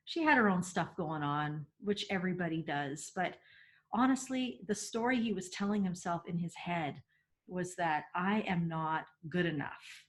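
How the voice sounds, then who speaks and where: A woman's voice: lowish voice, lively intonation, moderate pace. Earnest middle-aged woman giving a parenting webinar. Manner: earnest and emphatic, laughs often, repeats words.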